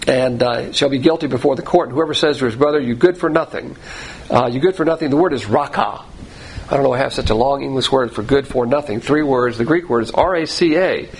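A man's voice: mid-range voice, slight background noise, low-quality recording. A man teaching through a Bible passage verse by verse, talking conversationally and often repeating himself while he finds his words. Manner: conversational, repeats words and restarts, spells out terms.

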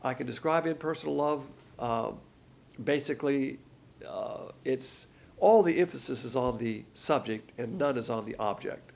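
Gravelly man teaching a Bible lesson. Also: mid-range voice, moderate pace, a little mellow. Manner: explanatory, shifts emphasis with his voice to illustrate points.

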